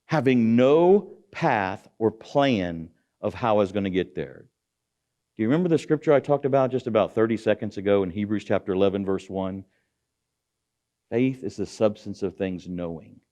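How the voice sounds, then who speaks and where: A man's voice: on the low side, lively intonation, moderate pace, warm tone. A middle-aged man giving a motivational speech in an auditorium, preaching and calling out to the audience with rhetorical questions. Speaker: guest speaker.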